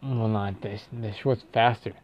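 A man's voice: on the low side, steady tone, unhurried, highs cut off, noisy background. A young man telling a story casually, rambling and profane, with lots of "like" fillers and restarts.

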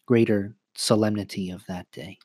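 A man's voice: lowish voice, fairly even intonation, normal speed. A man co-hosting a podcast, a priest explaining church practice in a thoughtful way, with many fillers and restarts. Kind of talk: casual explanatory podcast chat.

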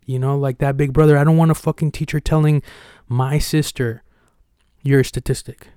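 A man's voice: mid-range voice, steady tone, moderate pace, warm tone, clean tone, no echo, studio quality. Candid, slangy male podcast host. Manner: candid, swears casually, slangy; acts out retold dialogue with energy. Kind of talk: casual podcast conversation.

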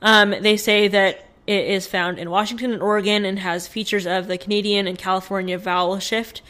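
A woman's voice: mid-range voice, fairly even intonation, a little fast, fairly bright tone. A woman co-hosting a casual podcast, sharing news stories in a chatty way with plenty of fillers. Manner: chatty, reads from notes with fillers. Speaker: podcast co-host.

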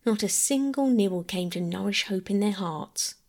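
A woman narrating a classic children's novel as a gentle bedtime audiobook reading. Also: medium pitch, moderate pace. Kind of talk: scripted bedtime story narration.

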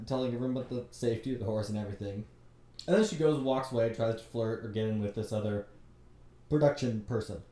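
A man's voice: medium pitch, a little mellow, roomy sound, distant mic. A man giving an exasperated, joking recap of a bad movie, putting on mocking voices as he goes. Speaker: movie reviewer. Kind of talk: comedic movie rant.

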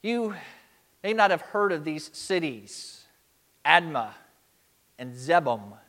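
A man preaching a sermon, earnest and emphatic, slowing down to stress key words. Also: on the high side, big pitch swings, fairly bright tone. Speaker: pastor.

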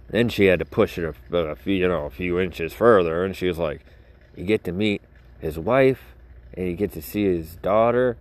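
A man's voice: low voice, normal speed. A man rambling and joking to his viewers in a casual vlog, self-mocking and chatty. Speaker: vlogger.

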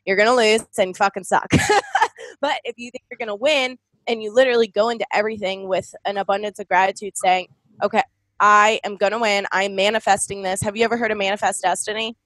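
A woman's voice: medium pitch, fast, no room sound, rough recording. Hyped, swearing woman in a dry room. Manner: energetic, emphatic, swears freely. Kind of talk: casual motivational chat.

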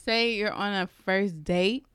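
A woman's voice: medium pitch, fairly even intonation, a little slow, fairly bright tone, smooth. A woman in a casual podcast chat, blunt and outspoken.

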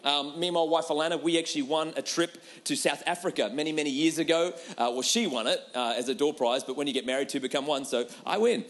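High-voiced man preaching with humor. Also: fast talker, few pauses. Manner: animated, laughing, repeats a rhetorical refrain. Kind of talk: humorous sermon storytelling.

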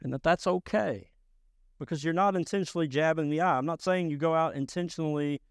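A man preaching a sermon as pastor, emphatic and rising to loud bursts. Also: fairly high pitch, fairly quick, smooth, dry recording, clean studio sound.

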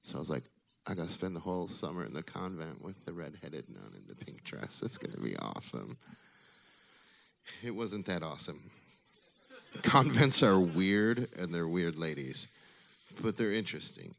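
A man's voice: low-pitched, expressive, a little fast, vocal fry. A man telling a wry, profane personal story at a bar open mic, in a casual manner. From Illinois. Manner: casual, wry, swears freely. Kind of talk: live storytelling. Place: bar with live audience.

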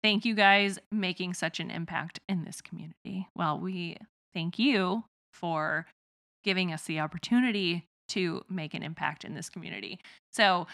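A woman's voice: on the low side, normal speed, vocal fry, a bit bright. A woman in her thirties from the rural Midwest with a slight twang, co-hosting a casual podcast, chatty and laughing often. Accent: rural Midwestern American with a slight twang. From rural Midwest of the United States. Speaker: podcast co-host.

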